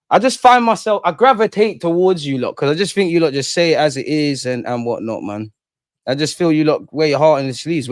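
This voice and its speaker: Animated London man, dry close sound. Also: on the high side, no room sound. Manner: animated, slangy, reads out viewer comments. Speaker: livestream host. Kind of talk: casual live chat.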